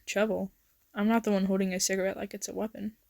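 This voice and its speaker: A woman doing a cocky young drummer, low playful murmur, flat even delivery, close dry sound. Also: fast talker, vocal fry, dry recording, lightly acted. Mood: teasing.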